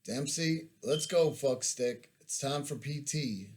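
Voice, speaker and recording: A man doing a loud drawling young soldier. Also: mid-range voice, slow pace, voice pushed up, natural voice. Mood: rousing. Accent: Virginian drawl. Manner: loud, gruff barking. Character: brash young male army soldier, blunt and crude.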